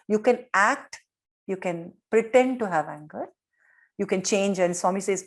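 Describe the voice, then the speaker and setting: A middle-aged woman giving a devotional talk on parenting, gently telling stories and retelling quotes. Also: fairly low pitch, steady tone, moderate pace.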